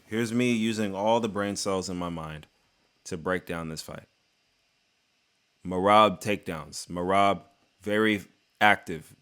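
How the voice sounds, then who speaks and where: A man giving a casual, excitable fight recap on his channel, joking and talking in slang. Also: on the low side. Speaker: MMA YouTuber.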